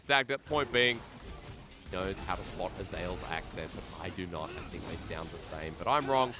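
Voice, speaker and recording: A young Australian man calling esports play-by-play, whose rapid calls climb to shouts during fights. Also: low-pitched, animated, over music.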